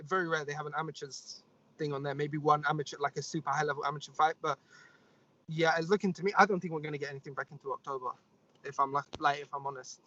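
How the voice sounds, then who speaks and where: A young man from the UK in his twenties, speaking as an interview guest in a relaxed way with lots of "like"s. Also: on the high side, fast, highs cut off. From United Kingdom. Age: 20s. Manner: relaxed, rambling with many "like"s. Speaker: guest fighter. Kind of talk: casual interview chat.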